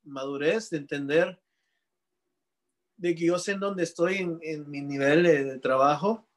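A man from Peru, a guest answering reflectively, with frequent restarts and some English mixed in. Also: on the high side. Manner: reflective, halting with many restarts. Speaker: sculptor guest. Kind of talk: interview answer.

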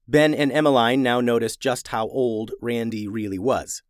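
A man reading a children's story aloud, expressive and animated. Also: mid-range voice, normal speed, few pauses, clear, resonant tone, no room sound, studio quality. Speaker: narrator.

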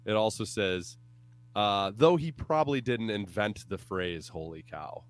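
Low-voiced man hosting a casual podcast. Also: animated, measured pace, clean tone. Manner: jokey, rambling, with fillers. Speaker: podcast co-host. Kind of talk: casual sports podcast chat. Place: home room.

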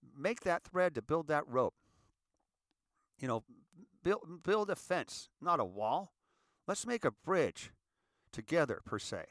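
A man's voice: a little high, no echo. Middle-aged male host, heartfelt stumbling monologue, dry close-mic sound. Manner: halting, repeats words, grows animated. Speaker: podcast host.

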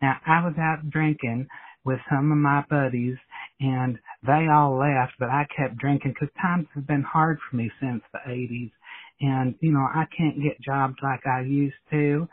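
A man calling in with a comedic impression of a brawny, tough-talking 1980s celebrity who wears gold chains, in a boastful, aggrieved, rambling manner. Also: a little high. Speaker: caller. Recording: tinny phone line.

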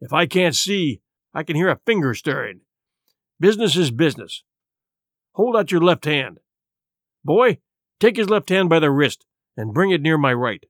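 A man's voice: fairly high pitch, big pitch swings, moderate pace, long pauses, no room sound, studio quality. A man voicing a blind old sea beggar in an audiobook, with an odd sing-song whine that turns cold and menacing. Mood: cold threatening. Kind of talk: audiobook character voice.

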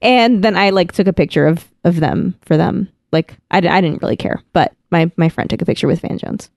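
A woman's voice: on the low side, a little fast, vocal fry, a little mellow, no echo, studio quality. A woman co-hosting a podcast, chatting casually, telling a rambling story with lots of "like" and restarts. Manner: chatty storyteller, heavy use of "like", frequent restarts. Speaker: podcast co-host. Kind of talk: casual chat.

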